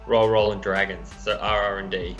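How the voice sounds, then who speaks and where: A man's voice: deep voice, little pitch movement, moderate pace, a bit bright, muffled recording, soft background music. A man playing in a tabletop game, chatting casually and joking around. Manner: joking, puts on playful voices. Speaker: player. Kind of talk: casual chat.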